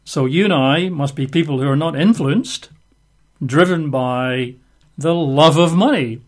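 A man preaching a verse-by-verse Bible teaching, unhurried, stretching key phrases and slipping in casual asides with fillers. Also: fairly high pitch.

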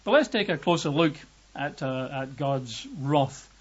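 A man from Britain preaching a lively, emphatic sermon, raising his voice to act out quotes. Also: unhurried, breathy edge. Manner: lively emphatic, acts out quotes with raised pitch. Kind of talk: sermon teaching. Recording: dull lo-fi recording.

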